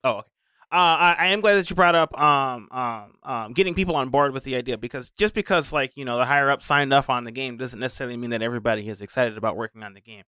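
Relaxed male co-host; smooth, bright voice, dry close mic. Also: mid-range voice, quick pace, no room sound. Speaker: podcast co-host. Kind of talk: casual podcast chat.

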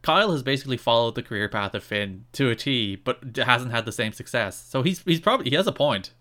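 A man co-hosting a casual wrestling podcast, giving quick, dry recaps of matches. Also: mid-range voice, expressive, bright, forceful tone. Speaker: podcast co-host. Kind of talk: casual chat.

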